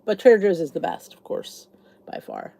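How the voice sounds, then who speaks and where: A middle-aged woman from the Philadelphia area talks in a relaxed, rambling way to the viewers of her live stream. She has a Philly accent, a mellow, warm tone and a voice that swings up and down a lot as she reads out comments and answers them. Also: mid-range voice, normal speed, vocal fry, a little hiss or hum. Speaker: YouTube channel host. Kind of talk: casual chat with live viewers.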